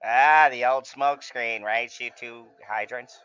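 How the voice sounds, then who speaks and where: Dude hosting a movie watch-along, hyped and swearing, bright voice, kinda muffled audio. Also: male voice, medium pitch, slow pace, clear, resonant tone, no echo. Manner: excitable, swears a lot, laughs often. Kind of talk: casual chat, reacting to a film.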